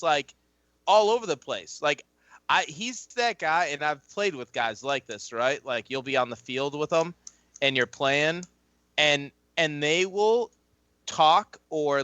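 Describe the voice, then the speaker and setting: A man and former football player chatting casually as a podcast guest, rambling and swearing freely as he tells animated stories. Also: fairly high pitch, dry recording. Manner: rambling, profane, animated storytelling. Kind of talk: casual chat.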